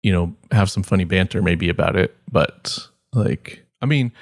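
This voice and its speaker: This podcast co-host has a voice that sits low, and he talks at a moderate pace in studio-quality audio with no room sound. His conversation is casual and meandering, with frequent restarts and fillers.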